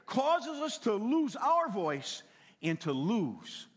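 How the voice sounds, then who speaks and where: An older man preaching a sermon in a folksy way, repeating words and swinging from loud to hushed. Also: high voice, wildly swooping pitch, slow, breathy edge, big-room sound. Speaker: pastor.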